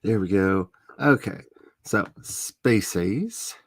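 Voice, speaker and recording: A man with a low voice that swings widely, talking in an unhurried, casual livestream chat. He is playful and chatty, and his voice is close and dry with no room sound. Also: animated, dry recording. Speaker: author livestreaming his world building.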